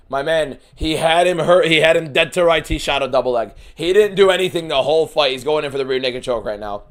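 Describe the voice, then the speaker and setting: Guy on a fight watch stream, casual and swearing, yells then grumbles low. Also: fairly quick, few pauses. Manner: swings from shouting to muttering, profane. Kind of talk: casual live fight commentary.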